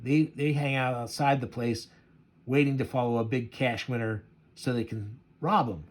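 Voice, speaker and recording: Man, casual comic reviewer, halting and chuckling, mid pitch. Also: steady tone. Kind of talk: casual commentary.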